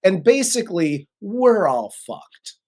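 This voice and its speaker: Host recapping a film, profane and animated. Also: medium pitch, slow pace. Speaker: podcast host. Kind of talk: casual film recap and review.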